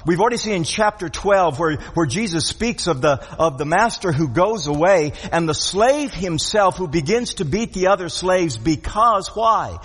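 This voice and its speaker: High-pitched guy preaching, earnest, keeps repeating words, big reverb like a church hall. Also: fairly bright tone, breathy edge. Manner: earnest, repetitive emphasis, rhetorical questions. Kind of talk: sermon.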